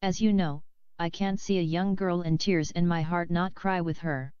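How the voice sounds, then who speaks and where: A woman reading a novel aloud in a measured, steady way, close to the mic, on a slightly dull lo-fi recording. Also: fairly low pitch, clean tone, no room sound. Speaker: audiobook reader.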